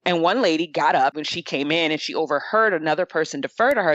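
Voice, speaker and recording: A woman's voice: low-pitched, fast, hardly any pauses, dry recording, highs cut off. A woman who owns a salon, telling stories in a casual panel talk and acting out the people she quotes. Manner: animated storyteller acting out quoted voices. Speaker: salon owner, guest. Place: Michigan.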